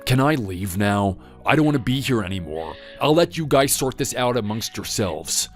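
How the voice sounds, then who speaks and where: A weary, withdrawn young man who wants to leave the room, as a man plays him. His voice sits low but still moves around a good deal. Faint music plays in the background. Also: animated, normal speed, close to an everyday voice.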